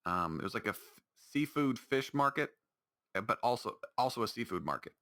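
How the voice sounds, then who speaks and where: A man's voice: medium pitch, expressive, a little fast, bright, forceful tone. A man hosting his own podcast, talking alone in a rambling, exasperated way with lots of restarts. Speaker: podcast host. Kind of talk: solo casual podcast monologue.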